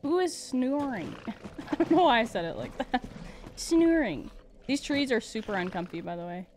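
A woman streaming a game live, chatting casually with her chat, giggling often and breaking into excited outbursts. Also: medium pitch, quick pace, a little hiss or hum.

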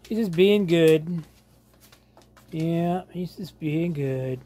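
A man's voice: sits high, slow pace, dark tone. A man filming his dogs at home, talking to them in a doting, drawling way and laughing often. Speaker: vlogger showing his dogs. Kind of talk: casual home vlog, talking to pets. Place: home living room.

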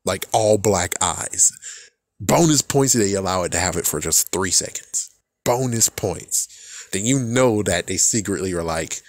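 Young guy rambling excitedly, swears a lot, lowish voice, dry close sound. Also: takes it slowly, dry recording. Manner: excitable, swears freely, trails off and restarts. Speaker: fan vlogger. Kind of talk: casual rambling reaction.

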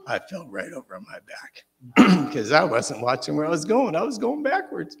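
A man preacher telling a children's story during a church service, animated and dropping to hushed suspense. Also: on the high side, normal speed, vocal fry. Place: church sanctuary. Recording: reverberant church hall.

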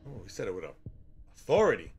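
A man giving horror game commentary as a channel host, excitable and quick to yell when startled. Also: fairly low pitch, husky.

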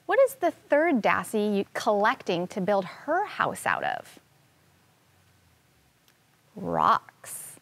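Slow expressive woman reading to first graders. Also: medium pitch, creaky. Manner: slow, expressive, asking children questions. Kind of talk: reading a picture book aloud to children.

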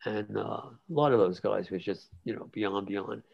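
Gravelly 90-something guy rambling through old stories, lots of uhs, dull lo-fi audio. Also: lowish voice, moderate pace, a little mellow. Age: 90s. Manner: rambling, many fillers and restarts, laughs often. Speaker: guest cartoonist. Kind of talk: relaxed interview storytelling. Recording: dull lo-fi sound.

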